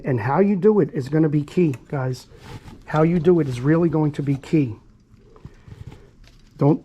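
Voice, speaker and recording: A husky-voiced man on the high side, a dog groomer, leads viewers through a hands-on grooming demonstration, earnest and repetitive with gentle asides to the dog. The recording is muffled.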